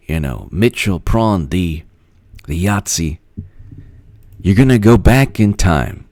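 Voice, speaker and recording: A man's voice: sits low, no room sound, studio quality. A man hosting a live-stream political commentary, rambling, laughing often and thanking viewers by name. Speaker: host.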